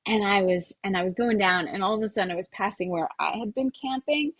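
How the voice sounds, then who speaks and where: A woman's voice: medium pitch, a little fast, breathy edge, no echo. A middle-aged woman, a podcast guest, telling a personal story animatedly, laughing often and swearing freely. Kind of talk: casual storytelling.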